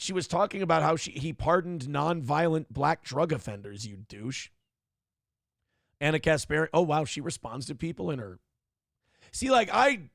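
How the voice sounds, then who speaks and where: Livestream host, man, gravelly higher voice, dry close mic, sarcastic and profane, rambling commentary. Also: no echo. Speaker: show host. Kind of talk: casual political commentary livestream.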